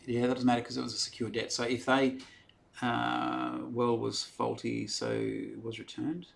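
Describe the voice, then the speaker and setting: An Australian man with a gravelly, monotone mid-range voice hosts a live stream at a moderate pace. Chatty and friendly, he rambles along, reading out viewer comments and answering their questions.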